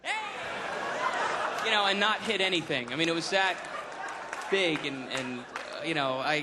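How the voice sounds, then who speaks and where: A man telling a rambling stand-up story, animated and laughing at his own jokes. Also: a little high, moderate pace, a loud crowd, very noisy. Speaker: stand-up comedian.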